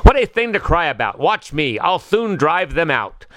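A man doing a brisk, scoffing storybook rabbit. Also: on the high side, big pitch swings, fairly bright tone, no room sound.

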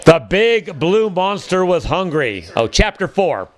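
A man reading a children's storybook aloud, unhurried, with small slips and restarts. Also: high voice, very animated. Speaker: storybook reader.

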